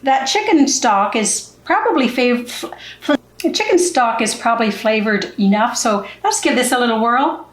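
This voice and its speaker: A woman's voice: on the high side, lively intonation, moderate pace, few pauses. A middle-aged woman hosting a casual home cooking demonstration, chatty and folksy, with blunt asides to the viewer. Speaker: cooking show host. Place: home kitchen. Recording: echoey kitchen with faint background noise.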